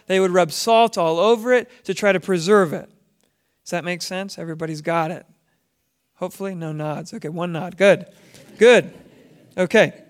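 A man with a high-pitched, clean-toned voice teaches a Bible lesson to a congregation. His sermon is conversational, and he asks his listeners questions as he goes.

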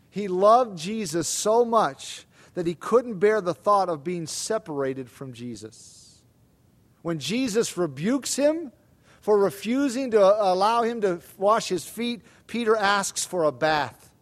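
A man preaching a Bible sermon with a notably high voice. He reads scripture aloud and explains it, slowing down and leaning into quoted words for emphasis. His delivery is earnest and deliberate. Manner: expository preaching, dramatic pauses and emphatic quoted lines.

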